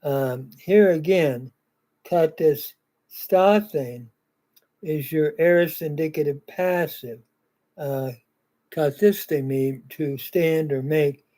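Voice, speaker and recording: A man teaching biblical grammar, reading ancient verses aloud and working through them slowly with frequent "uh" pauses. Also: fairly high pitch, warm tone. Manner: deliberate, pauses with "uh", reads ancient text aloud. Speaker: Bible language teacher. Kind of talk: slow grammar lecture.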